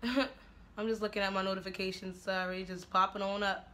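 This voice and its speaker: A woman's voice: medium pitch, little pitch movement, normal speed, bright, forceful tone. A woman vlogging casually at home while doing her makeup, brash and profane, often breaking into laughs. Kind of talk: casual get-ready-with-me chat. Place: at home, making dinner while filming.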